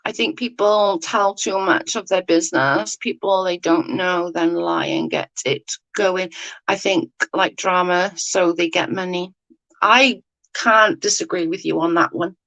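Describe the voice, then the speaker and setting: A woman's voice: lowish voice, steady tone, a little slow, gravelly, a bit bright, rough recording. A woman hosting a casual live chat with viewers, blunt and sweary, ranting with lots of "like" fillers. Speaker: livestream host chatting with viewers.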